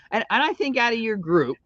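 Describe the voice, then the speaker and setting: A man's voice: very high-pitched, bright, forceful tone, dry recording. A man on a casual live stream as a guest, agreeing and chiming in often. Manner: agreeable, quick to affirm and laugh. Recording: dry, dull lo-fi audio.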